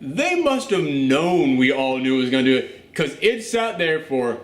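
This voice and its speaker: A man's voice: mid-range voice, normal speed. A man hosting a casual spoiler review of a movie, talking animatedly and swearing a lot. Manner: animated, swearing, with acted asides. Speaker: movie reviewer and channel host. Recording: echoey room.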